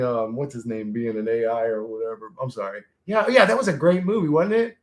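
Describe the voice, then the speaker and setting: A man's voice: mid-range voice, fairly quick, hardly any pauses. A man casually chatting on a livestream, reading chat aloud, laughing often and swearing freely as he jumps from topic to topic. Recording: roomy echo.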